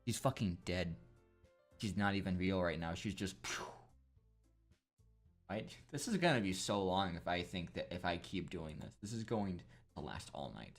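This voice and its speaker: A man's voice: deep voice, animated, moderate pace, faint music behind. A young man commenting on a game in a rambling, crude and joking way, swearing often. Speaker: gameplay commentator. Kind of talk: casual gameplay commentary.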